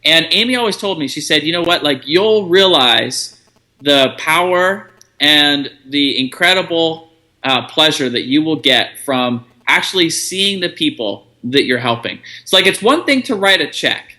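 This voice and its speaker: A middle-aged man chatting as an interview guest, relaxed and talkative, acting out bits of dialogue as he tells a story. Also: fairly high pitch, measured pace.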